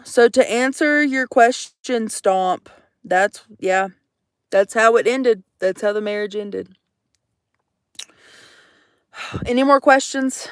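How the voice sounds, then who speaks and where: A woman's voice: on the high side, takes it slowly, long pauses, clean tone, no room sound, clean studio sound. A young woman rambling to her livestream viewers in a jokey, profane, casual chat from out in the woods. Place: outdoors in the woods.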